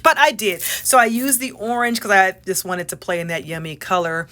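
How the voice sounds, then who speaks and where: A bubbly woman talks through a craft project in a chatty, excitable way. Her voice sits a little low for a woman, and she slips into a soft whisper for quick apologies and asides. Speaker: craft tutorial host. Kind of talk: casual crafting demonstration.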